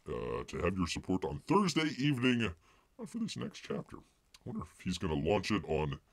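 A man hosts a casual live stream with a gravelly, fairly low voice. He rambles folksily, leans on filler words and calls himself by name. His pitch leaps around wildly, and the sound is close and dry. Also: dry recording. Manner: rambling, refers to himself in the third person.

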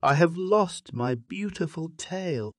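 A man's voice: mid-range voice, lively intonation, takes it slowly, a little mellow, no echo, clean studio sound, pitched above the performer's own voice. A man voicing a sly female monkey who fibs and pleads innocently, read out in a storybook tale for learners. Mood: worried. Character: sly female monkey, quick-talking and fibbing.

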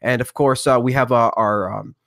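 A man's voice: mid-range voice, fairly even intonation, normal speed, creaky, fairly bright tone, dry recording. A man hosting a podcast in a rambling, upbeat way, full of "uh" and restarts. His voice sits in an ordinary middle register. The recording is dry and close, with no room sound. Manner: rambling, filler-heavy, upbeat. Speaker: podcast host. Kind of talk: casual show intro and interview.

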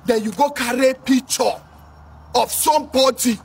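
Shouting his ranting commentary in Nigerian Pidgin English, this Edo State man has a very high, gravelly voice, a steady tone, and normal speed. His scolding has a sing-song quality, and the distant mic picks up faint noise.

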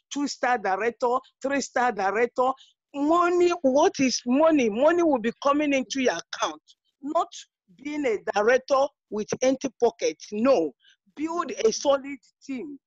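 Casual: woman hyping up her team on a call, forceful, dull lo-fi sound. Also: high voice, dry recording. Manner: emphatic, exhorting, preacher-like. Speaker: network marketing director. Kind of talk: motivational speech on an online call. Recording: dry, dull lo-fi call audio.

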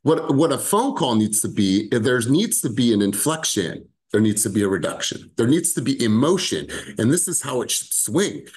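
Lively American man coaching a sales team, swinging pitch, demonstrating tones. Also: moderate pace, hardly any pauses, poor audio. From United States. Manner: animated, acts out tones of voice. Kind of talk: live team coaching session.

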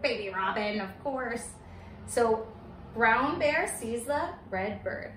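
A woman teacher reading a picture book aloud to young children in a slow, sing-song storytime voice, stopping to ask them questions. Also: on the high side, fairly bright tone, reverberant, slight background noise. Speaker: preschool teacher.

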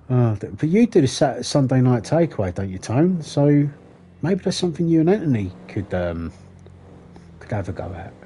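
A man's voice: medium pitch, very animated, moderate pace, long pauses, warm tone, slight background noise. A man streaming a game, chatting casually with viewers, joking, rambling and swearing as he goes. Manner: joking, rambling, swears often, laughs at his own jokes. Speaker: gaming livestreamer. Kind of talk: casual livestream chat while playing.

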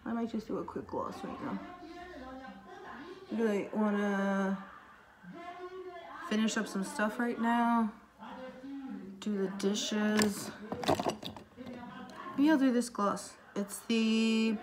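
A woman's voice: mid-range voice, steady tone, takes it slowly, long pauses, background noise. A young woman chatting casually through a makeup tutorial, rambling and talking to herself as she works. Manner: chatty, rambling, talks to herself while working. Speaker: beauty vlogger.

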